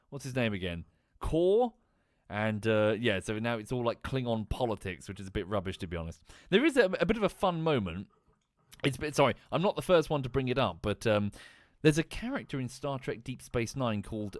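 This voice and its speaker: Male streamer, casual rambling chat, animated voice, dry close mic. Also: medium pitch, dry recording. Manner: rambling, lots of fillers and restarts. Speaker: livestreamer.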